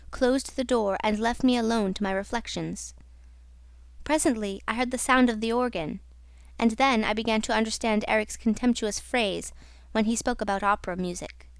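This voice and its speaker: A woman narrating an audiobook in a slow, dramatic reading style. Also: on the high side, clean tone, no room sound, close to an everyday voice. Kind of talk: scripted narration.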